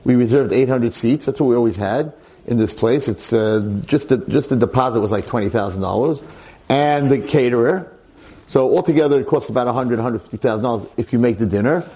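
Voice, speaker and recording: A man's voice: medium pitch, brisk, dark tone, lightly acted. A man voicing his worried secretary reporting an urgent problem.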